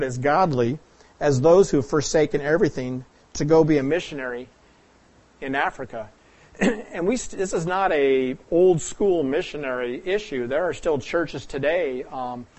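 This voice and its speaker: With a fairly high-pitched voice, a Pacific Northwest man gives a sermon in the manner of a teacher. He often asks his audience questions and regularly clears his throat.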